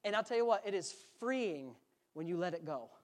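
A man's voice: sits high, expressive, brisk. A man preaching a sermon as a pastor in a church, talking casually and joking with the congregation. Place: church sanctuary.

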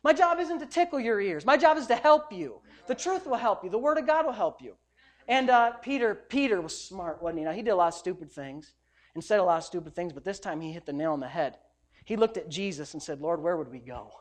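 A pastor delivering a sermon in a conversational, emphatic style. His voice swings from loud insistence to quiet asides, talking straight to the people in front of him. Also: high voice, lively intonation, brisk.

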